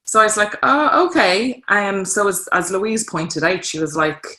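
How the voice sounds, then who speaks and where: A woman's voice: medium pitch, moderate pace, reverberant. An Irish woman in her thirties telling stories in a casual interview, acting out quotes as she goes. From Ireland. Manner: lively storyteller, acts out quotes in voices. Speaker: guest, fashion designer.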